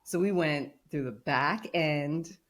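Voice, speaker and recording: A podcast co-host with a deep voice speaks slowly as she tells a story in casual chat. She's animated and acts out the quotes.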